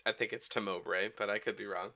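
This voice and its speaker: A man's voice: lowish voice, fairly even intonation, quick pace, sharp tone. A man chatting casually on a podcast, loose and filler-heavy, with dry remarks.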